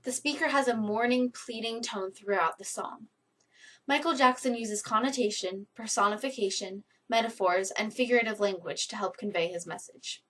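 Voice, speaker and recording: Woman reading a school report, distant mic. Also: mid-range voice. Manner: steady, careful reading with brief self-corrections. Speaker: student presenting a song analysis. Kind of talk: reading aloud a school presentation. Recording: distant mic with faint music behind.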